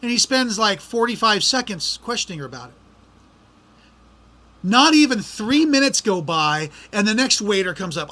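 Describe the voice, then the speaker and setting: High, bright-voiced man ranting. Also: big pitch swings, moderate pace. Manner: exasperated, ranting complaints. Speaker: podcast host. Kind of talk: casual podcast monologue.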